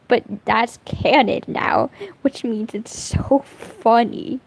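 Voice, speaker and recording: Young woman streamer, casual chatty rambler with a little vocal fry, slow delivery. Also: a little high, low-quality recording. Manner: rambling, animated, swears a lot, laughs often. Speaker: streamer drawing fan art. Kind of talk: casual chat while drawing.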